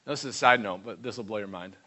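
A man's voice: lowish voice, rapid-fire, sharp tone. A man preaching a conversational sermon, stressing points with repeated questions and short reading passages. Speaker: pastor.

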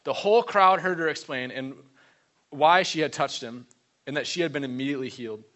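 A man's voice: a little high, brisk, fairly bright tone. A man preaching a conversational sermon, stressing points with repeated questions and short reading passages. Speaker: pastor.

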